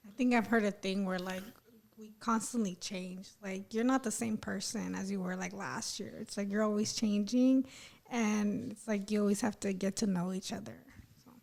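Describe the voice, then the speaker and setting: A woman's voice: medium pitch, steady tone, normal speed, creaky, a little mellow. Open, direct woman chatting. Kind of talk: casual conversation.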